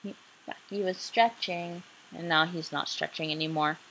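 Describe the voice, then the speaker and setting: A woman's voice: lowish voice, fairly even intonation, normal speed, fairly bright tone, a little hiss or hum, low-quality recording. A young woman in her twenties reading a homemade audiobook into her laptop in her bedroom late at night, sleepy and casual, breaking off now and then to apologize. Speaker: audiobook reader. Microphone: laptop microphone.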